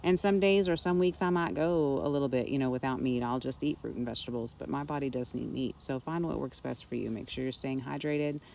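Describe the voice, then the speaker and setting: A woman's voice: very deep voice, fairly quick, vocal fry, hardly any pauses, a little mellow, distant mic, a little hiss or hum, poor audio. A woman, a nurse, giving earnest, rambling spiritual advice in a casual vlog, recorded outdoors.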